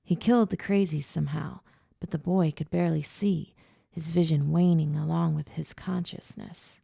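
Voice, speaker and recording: A woman reading first-person audiobook narration in a measured, low-key way. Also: fairly even intonation, vocal fry, mellow, slightly rough, no echo, clean studio sound.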